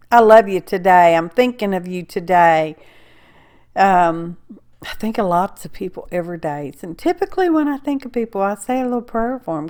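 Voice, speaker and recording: A woman's voice: medium pitch, darkish tone. A woman giving a casual, folksy craft tutorial, chatting and rambling as she works and often checking in with "okay?". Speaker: card-making crafter.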